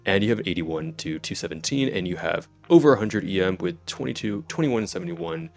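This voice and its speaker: A young man with a low, gravelly voice chats on a live stream, giddy and quick to laugh, swearing casually as he goes. Faint music plays softly behind him. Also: animated. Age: 20s.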